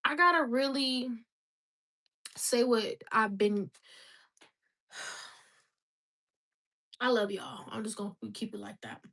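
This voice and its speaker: Bright-voiced young woman chatting on a livestream. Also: fairly high pitch, slow pace, vocal fry, pauses often. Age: 20s. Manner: chatty, rambling, laughs often. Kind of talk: casual livestream chat.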